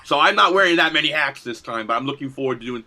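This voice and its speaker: A man's voice: medium pitch, quick pace. A middle-aged man talking eagerly and animatedly as a guest in a casual interview about his film and design work. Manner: enthusiastic and animated, laughs easily. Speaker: guest, filmmaker and graphic designer.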